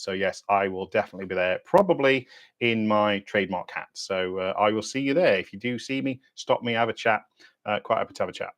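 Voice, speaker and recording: A British man hosting a diving channel's livestream Q&A, talking bluntly in sweary, matey banter with lively swings in pitch and loudness. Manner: animated, lively ups and downs in pitch and loudness.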